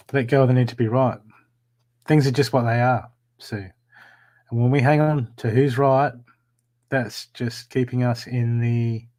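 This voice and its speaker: A man doing live-stream card readings, talking warmly and repetitively to viewers by name. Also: medium pitch. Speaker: psychic reader.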